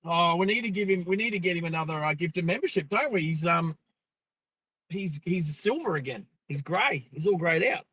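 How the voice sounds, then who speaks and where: An Australian man hosting a driving live stream from a car, talking into his phone in a casual, excitable way. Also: a little high, a little fast, husky, dry recording, poor audio. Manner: chatty, excitable narration of what he sees. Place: parked car.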